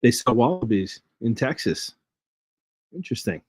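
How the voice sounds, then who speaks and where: A man's voice: medium pitch, very animated, moderate pace, a little mellow, husky, no echo. A man hosting a casual live trading stream, chatty and jokey, chuckling as he reads charts aloud. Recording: dry, dull lo-fi stream audio.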